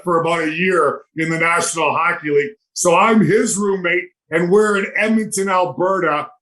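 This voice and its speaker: Animated older man telling hockey stories. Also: high voice, poor audio. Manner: animated anecdotes, acts out quoted voices. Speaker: podcast guest. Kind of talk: casual storytelling.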